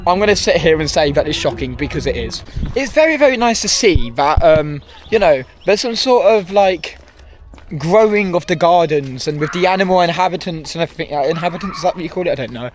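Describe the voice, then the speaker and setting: A man's voice: fairly high pitch, expressive, fairly quick, slight background noise. A young man, vlogging outdoors at a theme park, ranting and rambling with frequent self-corrections. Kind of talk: walking vlog commentary. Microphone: handheld camera.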